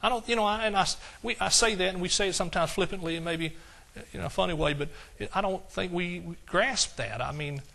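An older pastor preaches a sermon with fervent, emotional delivery, often calling out to the congregation. His voice is high and sharp-toned with vocal fry, and he talks a little fast.

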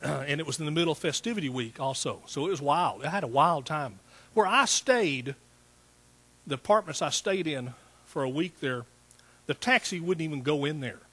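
A husky middle-aged man preaching in a church, his voice sitting a little high for a man. He spins folksy stories and acts out the voices of the people in them, keeping a lively, animated delivery throughout. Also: moderate pace. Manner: folksy and animated, laughing and acting out quotes. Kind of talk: sermon with storytelling.

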